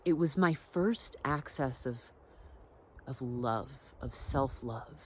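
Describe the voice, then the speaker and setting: Low-voiced, slow-talking woman vlogger. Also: a little hiss or hum. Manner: conversational, drifts between soft asides and emphatic points. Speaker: wellness vlogger. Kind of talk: casual reflective storytelling.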